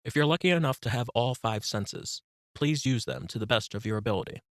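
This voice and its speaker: A man narrating a self-help audiobook as a meditation guide, giving calm, instructive breathing cues close to the mic. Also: mid-range voice, brisk, no echo.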